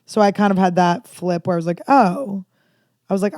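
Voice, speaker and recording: Woman comic in her thirties, mid-pitched, confessional and rambling, dry studio sound. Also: normal speed, no echo. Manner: candid, rambling storytelling with dark jokes. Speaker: comedian guest. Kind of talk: casual podcast chat.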